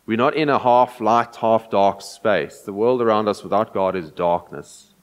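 Man, sermon, lowish pitch, earnest, explanatory. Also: unhurried. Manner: earnest, explanatory, with fillers and restarts. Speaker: preacher.

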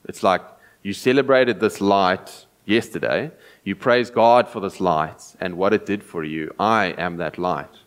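A man's voice: sits low, unhurried. A man preaching a sermon, earnest, repeating key phrases for emphasis.

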